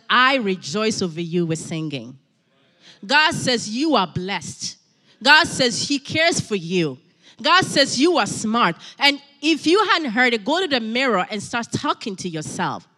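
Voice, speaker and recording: A woman's voice: mid-range voice, sharp tone, in a large hall. A woman preaching a sermon in a church, emphatic, repeating key phrases and building to exhortation.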